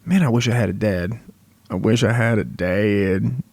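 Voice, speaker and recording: A man's voice: on the low side, normal speed, creaky, a little mellow, no echo. A young man hosting a comedy podcast, rambling through a crude, profane monologue full of swearing.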